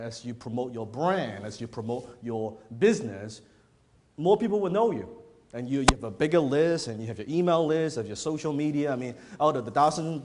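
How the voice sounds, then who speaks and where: A man's voice: on the high side, darkish tone. A man giving a motivational business talk to a live audience, telling stories in a blunt, profane style and often repeating phrases. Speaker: business speaker. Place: event hall before an audience.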